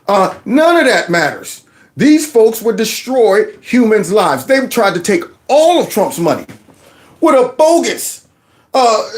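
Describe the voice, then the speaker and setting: A man hosting a political commentary show, animated and mocking, slipping into impressions. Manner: animated, mocking impressions, lively pitch swings.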